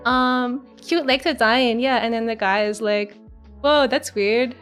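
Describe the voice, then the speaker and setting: A woman's voice: on the high side, steady tone, moderate pace. Giggly, rambling young woman streamer. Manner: rambling, giggly, lots of fillers. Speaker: virtual streamer. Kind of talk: casual live-stream chat. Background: soft background music.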